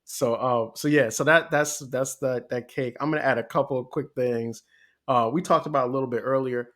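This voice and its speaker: A man co-hosting a podcast, talking casually and getting animated and laughing as he recounts scenes. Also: mid-range voice, fairly quick. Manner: animated, laughs often, gets excited. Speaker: podcast co-host.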